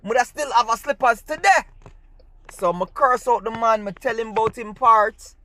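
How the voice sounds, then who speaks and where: Bright, high-voiced Jamaican man telling a story. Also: moderate pace. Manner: chatty, peppers talk with "you see me?" and patois. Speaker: storyteller, gymnastics coach. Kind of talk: casual personal storytelling.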